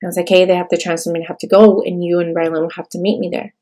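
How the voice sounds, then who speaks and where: A young woman from California tells a personal birth story in a halting, tearful way, full of fillers and restarts. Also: on the low side, flat delivery, warm tone. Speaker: vlogger sharing a birth story.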